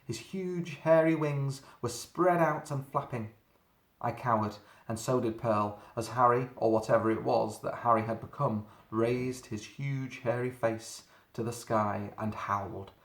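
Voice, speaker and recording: A man reading a children's story aloud, dramatic and slowing down for suspense. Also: mid-range voice, a bit bright. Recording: roomy echo.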